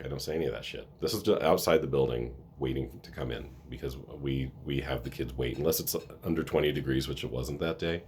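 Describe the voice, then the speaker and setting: Super deep voiced guy vlogging, earnest, kinda emotional, slight background hiss. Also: fast, few pauses, darkish tone. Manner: earnest and emotional, with many restarts. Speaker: school staff member. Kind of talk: casual talking-head vlog.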